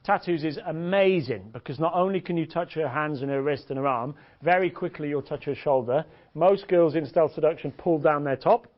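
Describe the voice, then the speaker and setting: A man teaching a dating seminar in an animated, joking way, swearing and laughing often. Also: on the high side, moderate pace, hardly any pauses. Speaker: dating coach. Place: seminar room. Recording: dull lo-fi recording.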